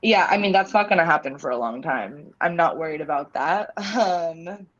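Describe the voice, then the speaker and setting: Woman English tutor, low-ish voice, easygoing and chatty, over lo-fi call audio. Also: normal speed. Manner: relaxed, chatty, explains with examples. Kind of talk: casual tutoring chat. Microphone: video call.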